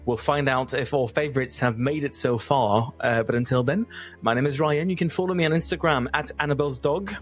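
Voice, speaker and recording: Mid-pitched man hosting a chatty podcast. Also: a little fast. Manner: upbeat, steers the segments. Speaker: podcast host. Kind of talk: casual podcast chat.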